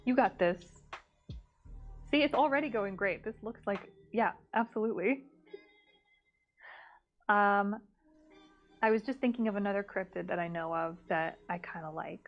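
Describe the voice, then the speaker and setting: A woman chats brightly and encourages her partner, with lots of short "yes" and "perfect" replies. Her pitch sits in the middle, and the sound is a little dull, with faint music behind. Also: moderate pace, pauses often. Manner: upbeat, encouraging, short affirmations. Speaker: comedy show co-host. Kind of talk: casual chat.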